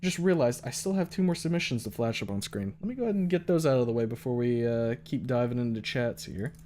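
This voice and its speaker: A young man hosting a live stream talks casually in a voice of middling pitch. His speech is loose and rambling and full of curses and fillers. He reacts to chat as he goes. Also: lively intonation, quick pace, dark tone, slight background noise. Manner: loose and profane, many fillers. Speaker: streamer host.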